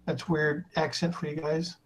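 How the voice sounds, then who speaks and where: High-voiced man reading stream chat. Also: little pitch movement, normal speed, poor audio. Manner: reads viewer comments aloud, chuckling, stumbling over names. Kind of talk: casual live stream chat.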